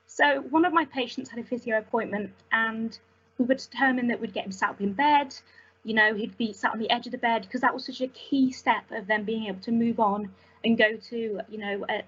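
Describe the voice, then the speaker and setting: A young woman telling a personal story as a volunteer, earnest and halting with emotion. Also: a little high, fairly bright tone, husky, highs cut off. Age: young adult. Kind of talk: personal testimony.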